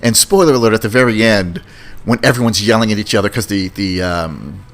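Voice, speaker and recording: Brisk and a bit bright, this man's lowish voice carries a laid-back podcast about films. His movie chat wanders as he goes, with frequent repetition of words.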